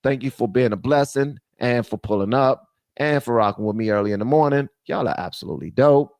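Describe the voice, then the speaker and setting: A man hosting a live stream, giving casual commentary in an animated voice that swings between loud ranting and low muttering. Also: brisk, no room sound, clean studio sound.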